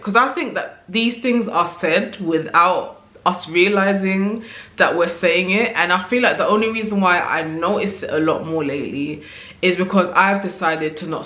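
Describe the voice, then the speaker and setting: A woman's voice: on the low side, fairly bright tone, roomy sound. A woman vlogger talking casually to camera, reflective and conversational, often checking in with the listener as she thinks aloud. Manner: reflective, conversational, often tags "right?" and "you know". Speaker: vlogger sharing opinions.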